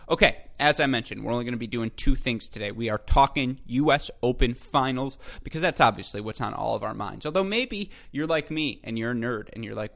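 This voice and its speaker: Male solo podcast host, mid-pitched, eager and chatty, direct to listeners, loose self-corrections. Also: a little fast, gravelly, few pauses, fairly bright tone. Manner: enthusiastic, chatty, addresses listeners as folks; frequent self-corrections and filler. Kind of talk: solo tennis podcast commentary.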